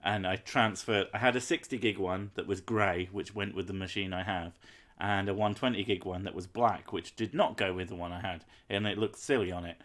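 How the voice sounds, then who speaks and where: A man with a lowish voice talks in a loose, rambling live-stream chat. He swears freely and keeps making wry jokes about himself. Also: fairly even intonation, fairly quick, hardly any pauses, fairly bright tone. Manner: rambling, sweary, self-mocking humour. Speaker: game streamer.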